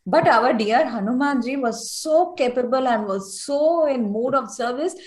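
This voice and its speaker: A woman telling a devotional story to children on a video call, chatty and animated, full of fillers and coaxing questions to her listeners. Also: high voice, measured pace. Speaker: storyteller teaching children online.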